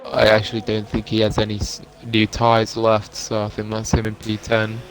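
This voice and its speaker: Low-voiced man commentating over a noisy mic. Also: moderate pace. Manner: relaxed, joking banter. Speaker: sim racing commentator. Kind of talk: live esports commentary. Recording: noisy, poor-quality mic.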